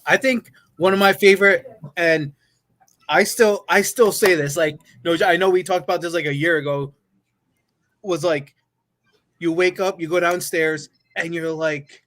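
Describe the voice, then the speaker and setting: A man with a somewhat high voice hosts a casual podcast. He reminisces loosely and swears freely, often laughing along. His talk is relaxed, fast to move on, and full of filler. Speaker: podcast host.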